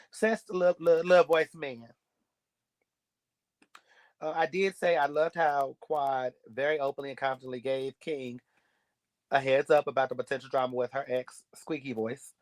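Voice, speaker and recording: A man's voice: mid-range voice, steady tone, moderate pace. A man giving a sassy, blunt, gossipy recap of a reality show episode. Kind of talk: casual recap commentary.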